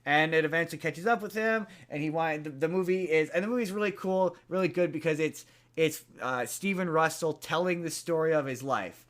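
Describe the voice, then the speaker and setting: A man's voice: on the high side, brisk, few pauses, fairly bright tone. A man hosting a podcast, casually retelling a movie plot in a rambling way, with lots of fillers and restarts. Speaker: podcast host.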